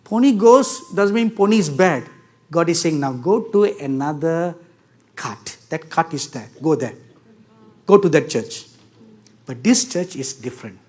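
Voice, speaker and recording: A male preacher delivers a sermon at a deliberate, unhurried pace. His voice sits somewhat high for a man, and he drives his points home by repeating key words and turning to the listeners for agreement. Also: animated, a little mellow. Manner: talks to the audience directly, asking for agreement.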